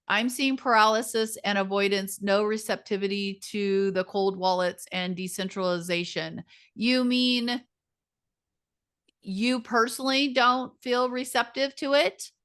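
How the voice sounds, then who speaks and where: A woman's voice: a little high, fairly even intonation, unhurried, a bit bright, clear, resonant tone. A woman leading a community group on a video call, talking casually and animatedly, often mimicking other people's voices.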